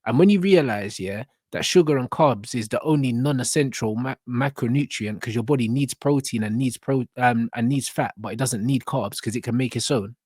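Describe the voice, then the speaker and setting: A man's voice: mid-range voice, a little mellow, husky, no echo, studio quality. A young man, ranting bluntly with lots of slang and swearing as he reacts to a video. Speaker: reaction channel host.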